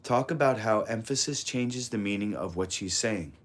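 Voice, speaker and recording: A man with a fairly low voice reads a parenting book aloud. His delivery is calm, measured and instructive, in the steady manner of scripted audiobook narration.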